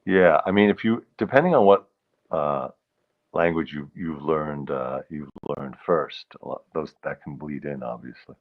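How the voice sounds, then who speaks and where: A man's voice: rumbling low, normal speed, phone-quality sound. A man hosting a livestream, chatting casually and rambling while reading out comments from viewers. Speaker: livestream host.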